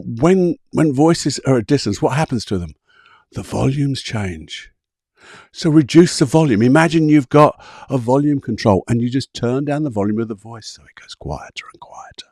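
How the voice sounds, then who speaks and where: A husky-voiced man hosts a solo coaching talk, guiding listeners through visualisation exercises one step at a time. His tone stays conversational and easygoing, and the recording is dry and close. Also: medium pitch, lively intonation, moderate pace, darkish tone, no room sound. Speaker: podcast host and coach.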